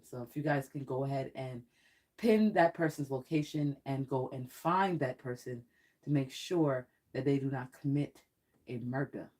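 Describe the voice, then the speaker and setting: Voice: medium pitch, a little mellow. A psychic tarot reader hosting a live stream in casual chat. Talks in a rambling, talkative way and laughs often. Turns blunt and threatening when addressing trolls.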